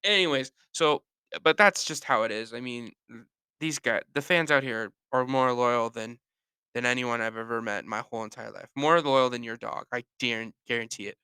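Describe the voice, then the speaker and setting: A man's voice: medium pitch, normal speed, bright, forceful tone, clear, resonant tone, no echo. A man hosting a podcast and ranting casually on his own, rambling with frequent self-corrections and sighs. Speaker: podcast host. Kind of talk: casual solo rant.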